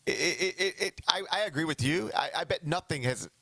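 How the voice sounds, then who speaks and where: A man's voice: fairly high pitch, fairly quick, vocal fry, sharp tone, no echo. A man hosting a sports talk show, talking casually and animatedly, often slipping into mock quotes of other people.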